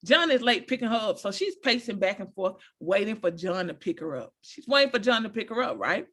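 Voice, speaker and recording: A woman talking casually to her viewers, giving animated, preachy advice and repeating her points. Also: mid-range voice, fairly quick. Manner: animated, repeats phrases, addresses viewers directly; preachy, encouraging. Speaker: motivational speaker.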